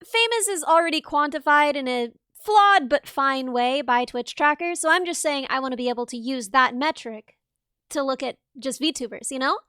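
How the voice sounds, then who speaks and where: A woman streamer chatting casually on a livestream, bubbly and excitable, quick to laugh. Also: high-pitched, no room sound, clean studio sound.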